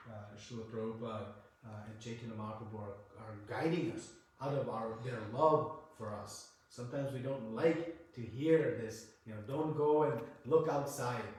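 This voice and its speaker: A man giving a devotional sermon, stressing key words by repeating them and swinging between loud emphasis and hushed asides. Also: medium pitch, fairly even intonation, normal speed. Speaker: scripture lecturer. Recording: very echoey room, voice far from mic.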